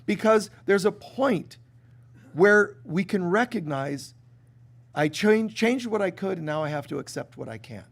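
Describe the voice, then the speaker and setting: A spiritual teacher with a high voice and vocal fry speaks a little slowly from a stage before a live congregation. His sermon is conversational and animated, with many restarts and little quoted exchanges he acts out.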